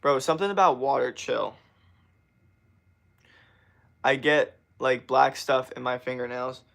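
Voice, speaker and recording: A young man streaming live and talking straight to his chat in a loose, rambling way, with swearing in nearly every sentence. His voice sits at an ordinary middle pitch for a man. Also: steady tone, measured pace, gravelly, a bit bright. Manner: loose, rambling and heavily profane. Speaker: livestreamer. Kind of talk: casual livestream chat to viewers.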